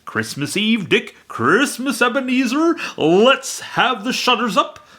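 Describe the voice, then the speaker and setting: A man's voice: very high-pitched, sing-song, slow pace, voice pushed up, heavily acted. A man voicing a jovial, stout old male merchant with a rich, oily voice, hollering heartily. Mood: jolly, booming. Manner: hearty shouting with laughter.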